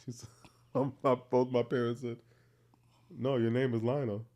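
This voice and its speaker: A man's voice: medium pitch, level tone, moderate pace, a little mellow. A man, co-hosting a podcast and telling family stories in a playful, teasing way. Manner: playful, teasing, laughs a lot. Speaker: podcast co-host. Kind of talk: casual storytelling chat.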